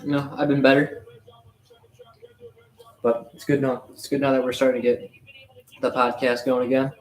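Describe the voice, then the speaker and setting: A man's voice: mid-range voice, normal speed. A young man co-hosting a podcast, chatting casually about the game and grumbling at the refs. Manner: relaxed, says "dude" and "bro" a lot, grumbles at refs. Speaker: podcast co-host. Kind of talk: casual chat while watching a game. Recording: roomy echo, faint background noise.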